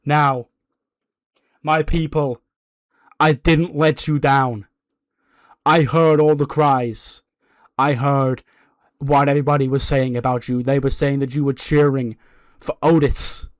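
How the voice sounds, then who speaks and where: A man's voice: mid-range voice, steady tone, takes it slowly, long pauses, no room sound, clean studio sound, close to an everyday voice. A man voicing a brash, gloating male wrestling champion who cuts a boastful promo and talks down to his rivals. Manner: boastful, taunting, talks down to others.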